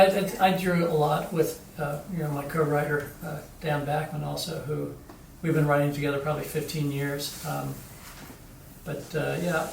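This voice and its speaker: Brief: halting male director, gravelly edge, recorded from a distance in an echoey room. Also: on the high side. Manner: hesitant, many ums and restarts. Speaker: film director. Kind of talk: interview. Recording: echoey room, distant mic, faint noise.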